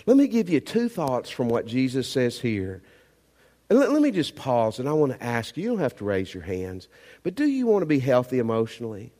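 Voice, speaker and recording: A man preaching a sermon as pastor, emphatic and animated, asking the congregation rhetorical questions. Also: medium pitch, brisk, big-room sound.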